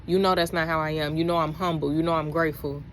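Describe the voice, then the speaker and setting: A young adult woman, talking casually to camera about faith, preachy and animated, with her voice climbing when she exclaims. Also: low voice, fast, a little hiss or hum. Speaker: faith vlogger.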